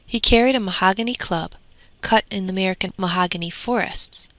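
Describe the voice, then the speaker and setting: A woman's voice: mid-range voice, fairly quick, fairly bright tone, no room sound, lightly acted. A woman voicing the old mother of the winds, stern and scolding. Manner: scolding, firm.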